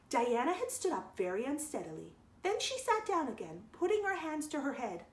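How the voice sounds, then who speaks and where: A woman reading a classic novel aloud for a library storytime, with expressive delivery. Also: high voice, fairly quick, hardly any pauses. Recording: roomy echo.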